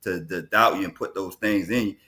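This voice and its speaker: Bright-voiced animated Jamaican man. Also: low voice, fairly quick. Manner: animated storytelling, acts out family conversations, laughs often. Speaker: podcast guest. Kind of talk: casual chat.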